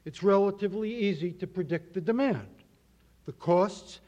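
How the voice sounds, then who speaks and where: Measured man lecturing over slides, lo-fi. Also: sits high, dark tone. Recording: dull lo-fi audio.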